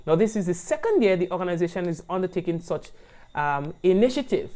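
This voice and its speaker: A man with a Grenadian accent hosting a live-stream talk show in an animated, chatty way, often checking in with his listeners. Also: high voice, fast. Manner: animated and chatty, often asking "you understand?". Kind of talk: casual talk-show commentary.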